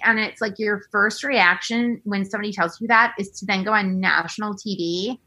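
A woman in casual chat, ranting fast and animated, full of fillers and swearing. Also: medium pitch, poor audio.

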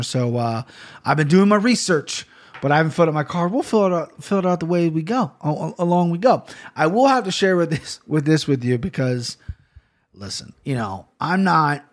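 A man hosting a casual fight-picks show, rambling and swearing freely, often correcting himself mid-sentence. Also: fairly high pitch. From Ohio, USA. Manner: profane, rambling storyteller; fast, excitable tangents with self-corrections. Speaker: MMA fight picks host. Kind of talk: casual chat.

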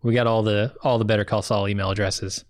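A man co-hosting a podcast in casual chat, animated and excitable, swearing now and then. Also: lowish voice, fast, no room sound, studio quality. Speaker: podcast co-host.

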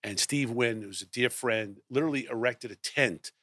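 A middle-aged man tells a story with lively energy. He acts out his own lines as he goes. His voice is mid-pitched and recorded close and dry. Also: normal speed, no echo. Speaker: guest storyteller. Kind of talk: animated anecdote telling.

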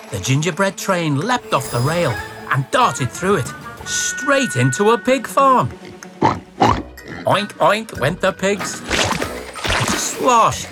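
A storyteller reading a children's picture book aloud with playful, expressive delivery and sound words. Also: medium pitch. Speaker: narrator. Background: children's music.

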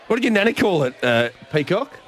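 Man, radio co-host, quick, lively, teasing banter. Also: high voice. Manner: joking, teasing, animated. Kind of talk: casual banter on air.

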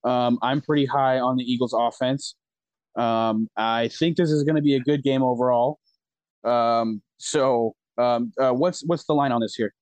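A man's voice: medium pitch, fairly even intonation, moderate pace, darkish tone, dry recording. A man co-hosting a casual sports podcast, hesitant and full of ums. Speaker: podcast co-host.

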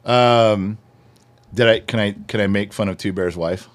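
A middle-aged man co-hosting a casual talk show, telling stories in an animated way and swearing freely. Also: fairly low pitch, measured pace. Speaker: podcast co-host. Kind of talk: casual chat.

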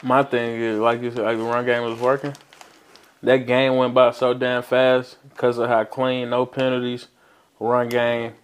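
A man's voice: medium pitch, completely flat delivery, a little slow, clear, resonant tone. A young man cutting in with blunt remarks while chatting about football with friends. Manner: blunt, interjecting, slangy. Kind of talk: casual sports chat.

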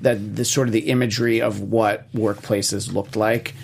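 Low, gravelly-voiced male co-host, loose rambling film chat. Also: flat delivery, moderate pace, slight background noise. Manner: rambling, many fillers and restarts. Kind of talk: casual film discussion.

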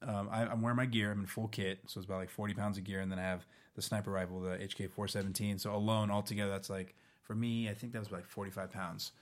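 A man's voice: fairly low pitch, fast talker, few pauses. A man in his thirties co-hosting a casual show, telling stories with lots of energy and doing goofy voices when quoting people. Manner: animated storyteller, does goofy voices for quotes. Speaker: actor and podcast co-host. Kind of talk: casual chat.

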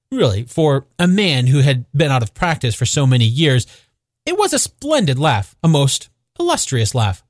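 A man narrating a classic novel as an audiobook, with expressive, measured storytelling. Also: medium pitch, no room sound, studio quality.

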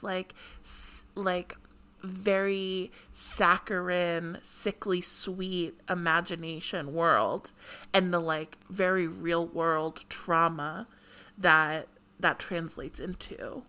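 Slow-talking, bright-voiced woman podcast host. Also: lowish voice, smooth. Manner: chatty, frequent "like" fillers, bursts of excitement. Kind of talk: casual podcast chat.

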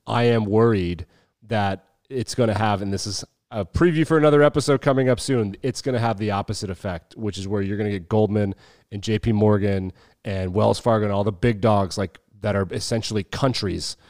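A man in his thirties co-hosting a podcast, talking in a loose, animated way, swearing freely and mimicking people as he tells a story. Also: lowish voice, a little fast, dry recording, studio quality. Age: 30s. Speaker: podcast co-host. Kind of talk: casual chat.

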